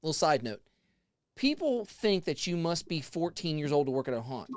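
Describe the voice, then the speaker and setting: This haunted house actor, a man in his forties, speaks at a normal speed in a voice on the high side, with no room sound. Chatting casually, he tells a story animatedly, laughing and doing impressions of other people.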